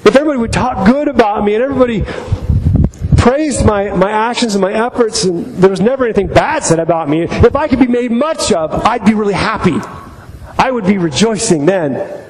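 High-voiced man preaching in an echoey hall. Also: animated, brisk. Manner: emphatic, repeats key phrases. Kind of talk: sermon. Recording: echoey hall, faint background noise.

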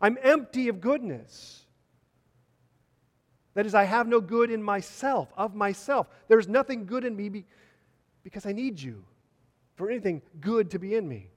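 A man's voice: high voice, expressive, moderate pace, pauses often, in a large hall. A man preaching a sermon, earnest and repeating phrases for emphasis.

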